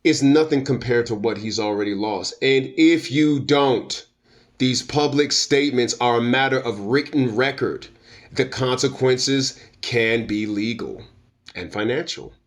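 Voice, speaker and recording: A man's voice: mid-range voice, a little slow. A man being interviewed as a guest, speaking emphatically and informally with a preacher-like, slangy cadence. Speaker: guest commentator. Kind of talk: opinionated interview talk.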